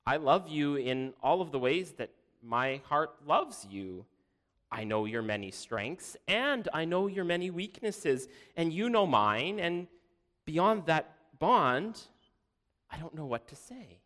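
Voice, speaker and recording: A man's voice: on the high side, big pitch swings, takes it slowly, voice pushed up, exaggerated voice. A man voicing a king's youngest daughter, a young woman speaking hesitantly and sincerely, with a long hall echo. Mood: earnest. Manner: hesitant, earnest, soft.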